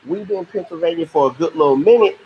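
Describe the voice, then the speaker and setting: A man's voice: on the high side, fast talker, lo-fi sound, slight background noise, close to an everyday voice. A man voicing cocky British colonists who scold in casual street slang.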